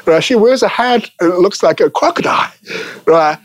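A man's voice: high voice, animated, normal speed. A man giving an informal lecture, ending nearly every phrase with "right?", with many fillers and restarts. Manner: laughs at his own asides.

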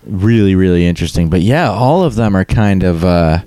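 Low-voiced, laid-back young man. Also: expressive, normal speed, warm tone, dry recording, studio quality. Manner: laid-back, blunt, casual swearing. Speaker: guest. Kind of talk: casual chat.

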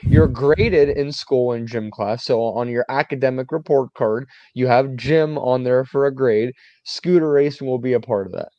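A man's voice: mid-range voice, normal speed, few pauses, warm tone, no echo, highs cut off. A man co-hosting a casual wrestling podcast, explaining things in a dry, matter-of-fact way. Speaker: podcast co-host.

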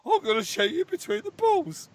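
A man voicing a menacing male movie villain in a high, loud, mock-threatening accent. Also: sing-song, moderate pace, over a noisy crowd. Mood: mock menace.

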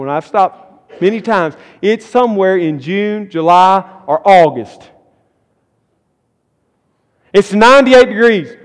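A man preaching a sermon, reading scripture and then building emphasis as he explains it. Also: sits high. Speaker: pastor. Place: church sanctuary. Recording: long church hall reverb.

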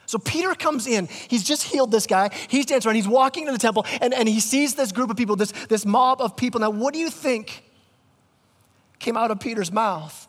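A man's voice: extremely high pitch, fairly quick, big-room sound. A man preaching a sermon as pastor, casual and conversational, often restarting his words. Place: church sanctuary.

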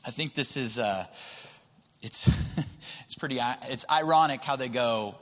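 A man delivering a sermon in a bright, forceful voice, speaking conversationally and restarting phrases as he thinks aloud. His voice rings out with a long reverb that trails after each phrase, as in a church hall. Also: mid-range voice, unhurried. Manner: conversational, repeats words, occasional laughs. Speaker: pastor.

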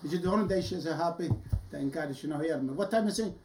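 A man's voice: on the high side, fast talker. Older Italian man, joking in broken English. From Italy. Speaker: guest. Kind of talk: casual podcast chat. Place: family home with a crowd of relatives. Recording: noisy family crowd behind.

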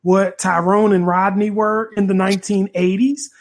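A man's voice: high voice, level tone. A man co-hosting a podcast, trading playful jokes with a friend. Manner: playful, joking, quick laughs. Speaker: podcast co-host. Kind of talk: casual podcast banter.

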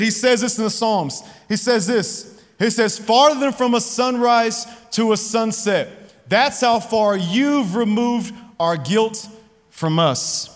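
A man in his thirties delivers a sermon in a conversational, storytelling way, checking in with his listeners again and again. His voice sits high for a man. The sound carries a long reverb, as in a large hall. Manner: conversational, often asks the audience "right?". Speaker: pastor. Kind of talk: sermon with personal stories.

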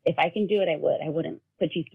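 A woman's voice: sits low, fast, gravelly, breathy edge. A woman telling an emotional story about her son in casual chat, acting out the voices of the people in it. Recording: phone-like narrow sound.

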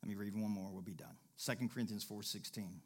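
A male preacher delivering a sermon in a folksy, conversational way, building to loud, emphatic exhortation. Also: fairly low pitch, fast, husky. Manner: emphatic, rising to shouted exhortation.

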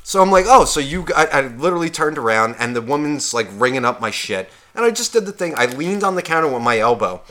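A man's voice: a little high, sing-song, fast, hardly any pauses, fairly bright tone. A man on a podcast, telling a profane shopping story and acting out both sides of the conversation. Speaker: podcast co-host. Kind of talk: casual storytelling rant.

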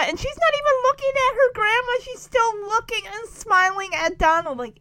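A woman's voice: very high-pitched, animated, normal speed, bright, forceful tone, no echo, low-quality recording. A woman casually commenting as she follows a story, chatty and giggly. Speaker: vlogger.

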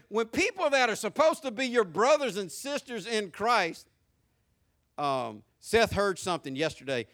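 A middle-aged man preaching a sermon, swinging from hushed asides to loud, emphatic lines. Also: fairly high pitch. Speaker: pastor.

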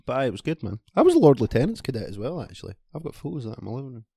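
A man's voice: mid-range voice, rapid-fire, creaky, husky, no room sound, clean studio sound. Sweary Scottish man telling stories. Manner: sweary, rambling, animated anecdote-telling. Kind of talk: casual chat, storytelling.

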